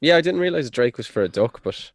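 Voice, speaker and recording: A man's voice: on the high side, lively intonation, fast talker, no room sound. A man co-hosting a casual podcast who reads old passages aloud and chats in a laid-back way, swearing freely and laughing often. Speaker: podcast co-host. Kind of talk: casual chat and reading aloud.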